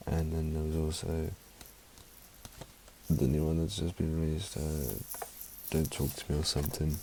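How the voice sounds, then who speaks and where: A man chats casually to camera as a vlogger, rambling and emotional, with frequent swearing. His voice sits low and gravelly, with a vocal-fry edge. A steady hiss of noise runs under this home recording. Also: a little slow. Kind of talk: casual chat.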